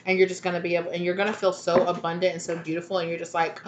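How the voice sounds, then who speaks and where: A woman's voice: lowish voice, monotone, very fast, hardly any pauses, noisy background. A woman giving a casual, rambling tarot reading, chatty and full of fillers and restarts. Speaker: tarot reader.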